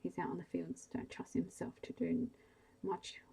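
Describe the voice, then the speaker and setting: A woman voicing a resigned Cornish farm woman in her sixties, softly within a bedtime story reading. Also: lowish voice, moderate pace, vocal fry, husky, full character voice. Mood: weary. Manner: plain, resigned country speech. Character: weary older Cornish farm woman, worn down. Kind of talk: soft ASMR bedtime story narration.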